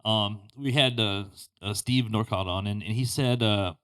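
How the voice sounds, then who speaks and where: Smooth-voiced podcast host man. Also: fairly low pitch, moderate pace, a bit bright. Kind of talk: casual chat. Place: studio.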